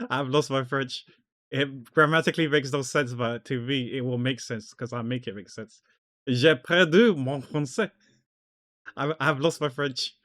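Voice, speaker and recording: A man's voice: medium pitch, a bit bright, no room sound, clean studio sound. Chatty man on a stream. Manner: chatty, rambling, jokey. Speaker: art streamer. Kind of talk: casual livestream chat while drawing.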